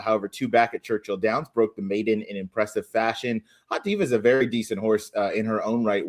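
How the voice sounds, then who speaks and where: A man appearing as a guest on a racing podcast, thinking aloud as he breaks down the races and hedges his opinions. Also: fairly low pitch. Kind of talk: casual analytical chat.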